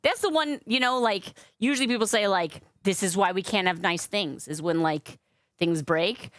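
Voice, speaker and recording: A woman's voice: medium pitch, moderate pace, fairly bright tone, no room sound. Woman streamer, upbeat and chatty, mid-range voice, dry close mic. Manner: chatty, upbeat, with frequent fillers. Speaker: streamer and balloon artist. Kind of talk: casual live-stream chat.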